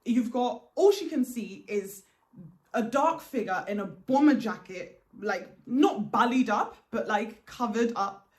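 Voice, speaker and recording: A woman vlogger telling a dramatic first-person story in an animated, emphatic way, often repeating words for effect. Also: on the high side, a little slow.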